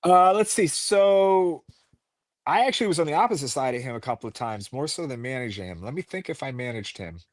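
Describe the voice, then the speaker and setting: A man's voice: medium pitch, animated, a little fast, dry recording, clean studio sound. Chatty middle-aged man telling wrestling stories. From United States. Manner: chatty, rambling anecdotes with many fillers. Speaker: pro wrestling guest. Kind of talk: casual interview storytelling.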